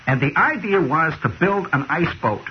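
Animated high-voiced male radio storyteller. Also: moderate pace. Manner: animated, folksy, building to shouts. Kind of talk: spoken storytelling monologue. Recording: dull, hissy radio recording.

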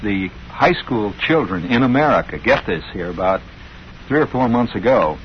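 A man's voice: lowish voice, animated, moderate pace. A middle-aged man hosting a radio show, telling a rambling story with wry, sardonic asides. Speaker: radio host. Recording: dull lo-fi old radio broadcast, faint hiss.

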